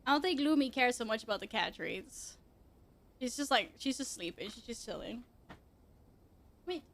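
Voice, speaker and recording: High-voiced young woman, chatty streamer. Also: lively intonation, moderate pace, a bit bright, a little hiss or hum. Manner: chatty, swears casually, coos at her cats. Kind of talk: casual chat. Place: home room at her computer.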